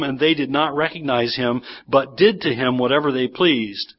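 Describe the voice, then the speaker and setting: A man pastor preaching a sermon in a church, animated and acting out the voices he quotes. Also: medium pitch, moderate pace. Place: church sanctuary. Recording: dull lo-fi sermon recording.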